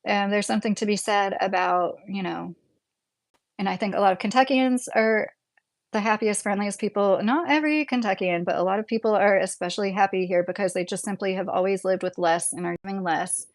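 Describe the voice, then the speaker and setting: A woman's voice: mid-range voice, fairly quick. Chatty woman with a Midwestern accent. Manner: chatty and rambling, laughs often. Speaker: livestream host reading chat. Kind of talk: casual livestream chat.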